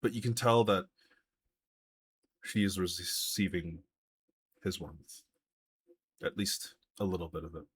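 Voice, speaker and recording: Low, husky-voiced male game master. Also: takes it slowly, long pauses. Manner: loose, hesitant narration full of likes and uhs. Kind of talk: narrating a tabletop game live.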